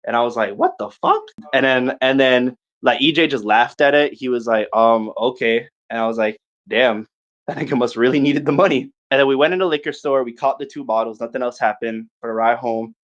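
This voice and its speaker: Young male podcaster, mid-pitch, casual and profane, animated storyteller, slightly dull lo-fi mic. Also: brisk. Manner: animated, profane, quotes friends in short bursts.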